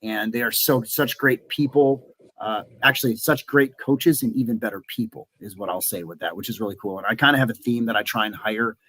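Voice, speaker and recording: A man's voice: on the low side, fairly quick, a bit bright, no room sound. A man from southeastern Wisconsin hosting a live business webinar, talking in a casual, upbeat way with lots of "uh" fillers and restarts. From southeastern Wisconsin, USA. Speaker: webinar host and business coach.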